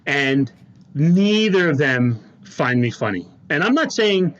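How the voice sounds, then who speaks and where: A man co-hosting a podcast, telling stories in a casual, animated way and laughing through them. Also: a little high, slow pace, muffled recording. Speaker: podcast co-host. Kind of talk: casual storytelling chat.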